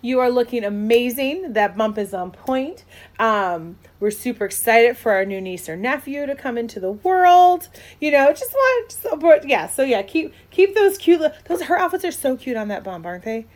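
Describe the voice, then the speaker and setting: A woman's voice: high voice, sing-song, moderate pace, hardly any pauses. A young woman co-hosting a podcast in casual chat, rambling with many fillers and restarts and laughing often. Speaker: podcast co-host.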